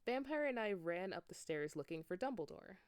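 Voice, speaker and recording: A woman's voice: medium pitch, expressive, brisk, no room sound, studio quality. A woman giving a comedic, mock-dramatic reading of fan fiction, sometimes exasperated.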